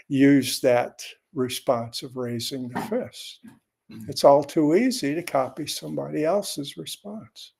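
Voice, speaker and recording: A man teaching as a Zen teacher in a dharma talk, unhurried and conversational with wry asides. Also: on the high side, gravelly, mellow.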